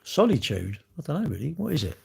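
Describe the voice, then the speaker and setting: A man's voice: a little high, wildly swooping pitch, fast talker, creaky, darkish tone, breathy edge. A man talking casually to viewers on a livestream, rambling and repeating himself in a defensive way. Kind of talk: casual live chat to viewers.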